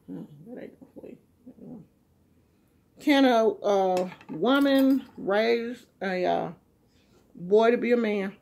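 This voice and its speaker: A woman vlogger talking casually to the camera in an emphatic rant, dropping to low murmurs and then rising to loud, high outbursts. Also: very animated, slow.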